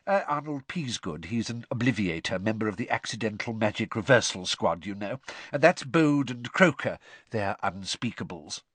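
A man's voice: on the low side, lively intonation, moderate pace, a bit bright, slightly rough, no echo. A man voicing a friendly middle-aged wizard father who chats cheerfully and bumbles a little, in an audiobook reading. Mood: chatty. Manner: cheerful running commentary, slightly bumbling.

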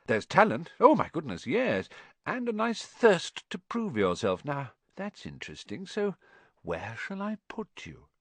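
A man's voice: a little high, huge pitch swings, a little slow, fairly bright tone, no echo, pitched above the performer's own voice, heavily acted. A man voicing an old magical talking hat, murmuring in a probing, sly way close in the ear, in a storybook reading. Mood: musing.

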